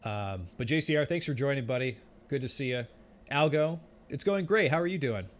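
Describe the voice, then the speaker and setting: A man's voice: medium pitch, lively intonation, brisk. A man streaming a game and chatting with viewers, often exclaiming and laughing as he plays. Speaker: gaming streamer. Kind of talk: let's play commentary.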